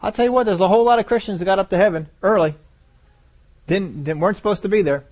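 A man's voice: high-pitched, fast, a little mellow. A man preaching a sermon, asking the congregation rhetorical questions and repeating phrases for emphasis.

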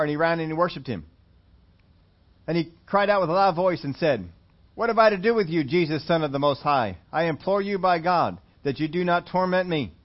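A man preaching a Bible teaching sermon, emphatic and repeating key phrases for effect. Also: fairly high pitch. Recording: dull lo-fi audio.

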